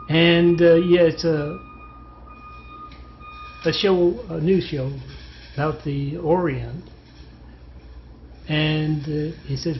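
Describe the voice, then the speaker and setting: A man's voice: a little high, fairly even intonation, takes it slowly, long pauses, highs cut off, a little hiss or hum. A man telling rambling, digressive stories and parables, recorded on a phone. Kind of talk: rambling spoken storytelling.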